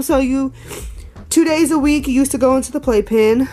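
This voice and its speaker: A woman's voice: a little high, expressive, moderate pace, a little mellow, soft background music. A woman chatting casually in a home vlog, rambling and talking to her puppy as she walks between rooms. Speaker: vlogger, dog owner.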